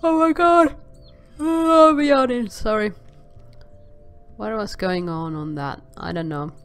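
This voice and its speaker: A woman's voice: on the high side, measured pace, clear, resonant tone. A woman casually commenting on a video game as she plays, exclaiming often and stammering filler sounds when things go wrong. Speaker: gameplay commentator.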